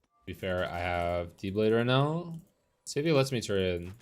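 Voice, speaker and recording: A man's voice: fairly low pitch, very animated, a little slow, clean tone. A young man streaming a competitive game and commenting live, frustrated, swearing and ranting about his teammates.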